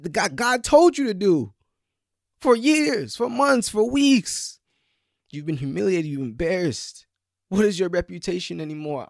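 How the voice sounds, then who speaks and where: A man preaching a sermon with passion, swinging between loud pleading and hushed whispers. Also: a little high, vocal fry, dry recording, studio quality.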